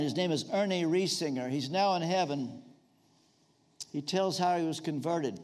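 Slow, high-voiced male preacher. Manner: storytelling, acts out quotes in lowered voice. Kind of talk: sermon.

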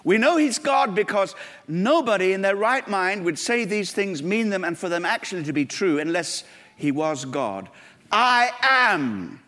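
High-voiced preacher in a reverberant hall. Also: male voice, lively intonation, moderate pace, fairly bright tone. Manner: earnest, building to emphatic climaxes. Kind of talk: sermon.

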